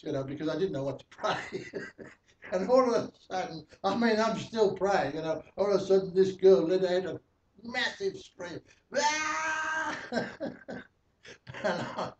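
A male preacher gives a chatty testimony, full of fillers and small laughs, in a slightly high voice. He sounds distant in a reverberant room, and the recording is muffled with faint noise underneath. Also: a little mellow. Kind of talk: testimony sermon. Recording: echoey, distant, dull, slightly noisy.

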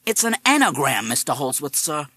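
A man's voice: fairly high pitch, big pitch swings, moderate pace, pushed and bright, slightly rough, no echo, voice pushed up, exaggerated voice. A man voicing a wisecracking male parrot with an American accent and a folksy, slangy manner. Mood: respectful.

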